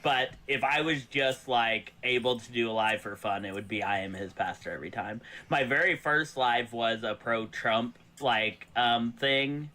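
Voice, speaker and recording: A man's voice: medium pitch, unhurried, hardly any pauses, bright, forceful tone. A man from the US South chatting casually as a guest, rambling loosely with many fillers. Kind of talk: casual chat.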